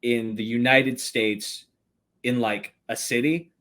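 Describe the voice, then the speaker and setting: A man's voice: mid-range voice, steady tone, slow pace, a bit bright. A young man telling stories as a podcast guest in a rambling, casual way, swearing often and laughing between words. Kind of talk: casual storytelling chat.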